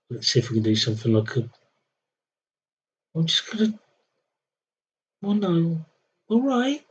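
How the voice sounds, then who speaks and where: A man's voice: fairly high pitch, big pitch swings, measured pace, pauses often, slightly rough, muffled recording. A young man streaming a strategy game, thinking aloud with wry, muttered commentary. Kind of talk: casual live gameplay commentary.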